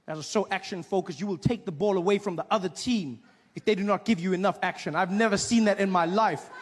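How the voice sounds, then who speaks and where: A man performing stand-up comedy on stage, telling a story in an animated way and acting out other people's voices. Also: high voice, a little fast. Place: on stage before a live audience.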